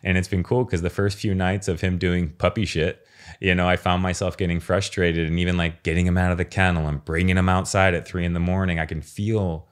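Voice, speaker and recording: A man speaking as a podcast guest in a casual, earnest and expressive way, swearing now and then. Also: sits low, fairly quick. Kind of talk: casual conversation.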